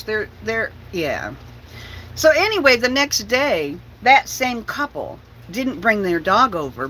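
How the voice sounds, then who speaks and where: A woman vlogger in a casual storytelling chat, animated and laughing as she goes. Her voice is bright and forward, and a faint hiss sits under it. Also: mid-range voice, low-quality recording. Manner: animated, laughs often, talks to her dog. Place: her bus home.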